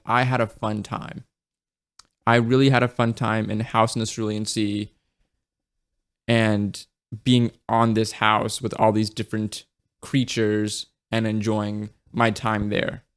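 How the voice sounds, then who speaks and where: A man talking casually and enthusiastically about books, swearing freely and dropping lots of "like" and "right?" as he goes. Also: fairly low pitch. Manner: frequent fillers and tag questions. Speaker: book reviewer. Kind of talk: casual chat.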